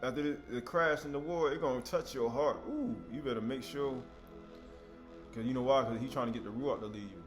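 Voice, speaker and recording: Man preaching a lively, conversational sermon. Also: medium pitch, fairly quick, faint music behind. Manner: animated, conversational preaching with vocal outbursts.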